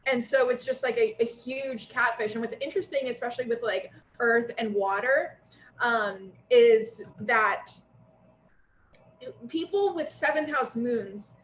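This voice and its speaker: A young woman co-hosting a casual astrology chat, talkative and quick to laugh. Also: on the high side. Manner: chatty, laughs, acts out quoted voices. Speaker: astrologer co-host. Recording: echoey room with faint ambient noise.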